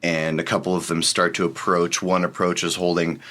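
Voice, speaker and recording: A man narrating scenes and rules as game master of a tabletop game, in a relaxed, descriptive way. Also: low-pitched, moderate pace.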